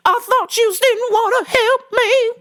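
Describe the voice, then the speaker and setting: Woman putting on a shrill teary customer lady. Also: steady tone, measured pace, fairly bright tone. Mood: apologetic. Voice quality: high, shrill and whiny.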